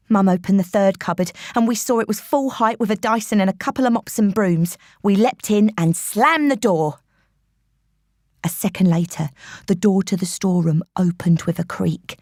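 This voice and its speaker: A woman's voice: medium pitch, darkish tone, no room sound, studio quality. A woman narrating an audiobook in a tense, suspenseful storytelling voice. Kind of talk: scripted narration.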